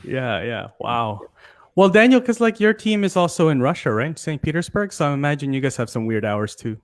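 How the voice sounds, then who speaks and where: A man's voice: fairly high pitch, sing-song, brisk. A man from Canada, a guest on a talk show, talking in a loose, chatty way with lots of fillers. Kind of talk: casual interview chat.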